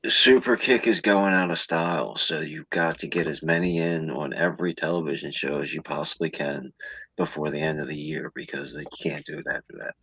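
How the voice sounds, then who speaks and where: A man's voice: extremely low pitch, fairly even intonation, fairly quick, fairly bright tone, breathy edge, no room sound, poor audio. A man co-hosting a casual wrestling chat, talking in an emphatic, jokey way. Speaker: podcast co-host.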